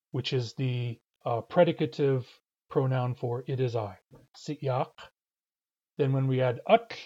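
A man's voice: medium pitch, dark tone, dull audio. A man teaching a language class, explaining words and sentences patiently and methodically. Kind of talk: online language lesson.

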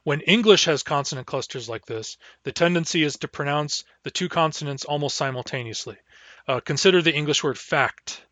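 A man gives a recorded language lesson, speaking patiently and pausing often to model words slowly for learners to repeat. His voice has a bright, forward edge and sits close and dry on the mic with no room sound. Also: fairly high pitch, no echo. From Barclay Sound region, Canada. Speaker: language teacher.

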